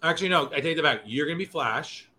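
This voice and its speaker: A male podcast host in casual chat who rambles, curses freely and keeps correcting himself. His voice is bright and a touch high, with a faint hiss behind it. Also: expressive, fast. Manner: rambling, profane, self-correcting.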